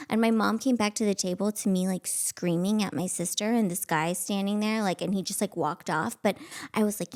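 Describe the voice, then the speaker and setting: This podcast host is a woman in her thirties with a medium-pitched, steady, slightly mellow voice at a normal speed. Her casual story comes out chatty and self-deprecating, packed with filler words.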